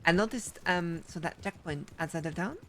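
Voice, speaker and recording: A prim, gossipy French busybody artist, played by a woman in a western roleplay game. She talks stiffly and formally with a French accent, her voice sitting a little low, and a faint hiss of noise runs behind her. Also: normal speed, a bit bright. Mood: fretful. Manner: prim, formal speech without contractions, gossipy complaining. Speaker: roleplay character. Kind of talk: in-character roleplay chat.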